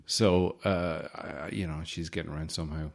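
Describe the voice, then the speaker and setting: A man hosting a casual solo podcast from home, rambling with deadpan joking asides. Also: a bass voice, normal speed, gravelly. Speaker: podcast host. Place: home in the city centre.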